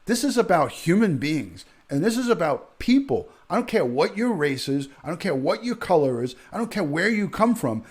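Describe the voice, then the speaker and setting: A middle-aged man hosting a live stream, his voice sitting a little high for a man. He rants with outrage and hammers his points home. He keeps repeating himself and restarting sentences mid-thought. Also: sing-song, moderate pace, few pauses, husky. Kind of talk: heated live-stream rant.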